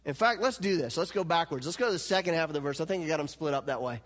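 A man preaching a sermon as pastor, animated and swinging between loud, emphatic lines and hushed, quiet ones. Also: fairly high pitch, very fast. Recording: long hall reverb.

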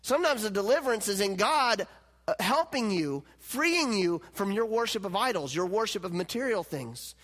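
High-pitched guy preaching, gets loud then drops real quiet, big echoey church. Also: normal speed. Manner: animated, swings from loud to hushed. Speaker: pastor. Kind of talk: sermon. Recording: long hall reverb.

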